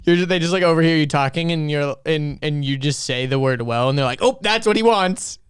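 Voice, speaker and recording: A man co-hosting a podcast in casual chat, joking around with his co-host and quick to laugh. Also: a little high, fairly even intonation, smooth, no room sound, studio quality.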